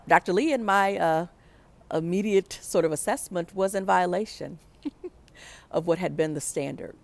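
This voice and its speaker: A woman's voice: sits low, gravelly. A young adult woman telling a personal story in a reflective way, acting out the voices she quotes.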